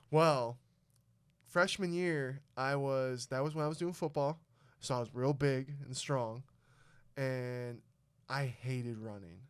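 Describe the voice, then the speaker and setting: A man's voice: mid-range voice, slow pace, smooth. A young man hosting a podcast, telling a story in a casual, profane way and acting out the people in it. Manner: profane, animated storyteller who acts out quotes. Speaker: podcast host.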